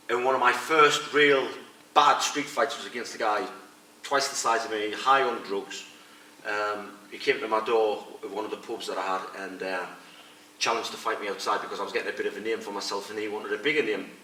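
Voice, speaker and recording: A man's voice: on the low side, normal speed. A middle-aged man being interviewed, bluntly telling fight stories and acting out what others said. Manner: blunt, animated anecdote-telling with quoted voices. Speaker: interviewee, retired fighter and coach. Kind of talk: casual storytelling interview. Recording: echoey room, distant mic, faint noise.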